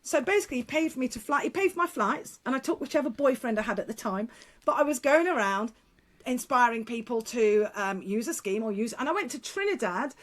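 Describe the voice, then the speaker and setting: A middle-aged woman, a guest speaker and former teacher, telling stories in a frank, lively way with laughs and quick restarts. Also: fairly high pitch. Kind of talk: casual interview storytelling.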